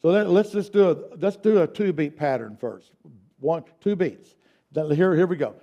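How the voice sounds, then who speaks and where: A man's voice: fairly high pitch, expressive, normal speed, mellow. A man teaching a song leading workshop, counting beats aloud for the group to copy, in a folksy way with many restarts and repeated words. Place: church meeting room. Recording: dull lo-fi sound.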